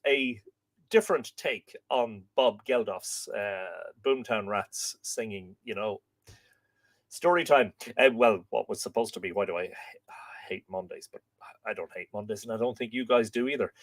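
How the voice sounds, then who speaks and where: A man's voice: lowish voice, moderate pace. Chatty Irish man reading out viewer comments. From Ireland. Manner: chatty and musing, with filler words. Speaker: host. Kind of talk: live stream chat, reading viewer comments.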